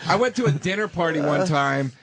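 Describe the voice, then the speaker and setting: A man with a somewhat high voice tells a funny anecdote in casual chat. He is animated and laughs through his own stories. Loud laughter from a small crowd keeps rising behind him. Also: brisk. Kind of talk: casual storytelling.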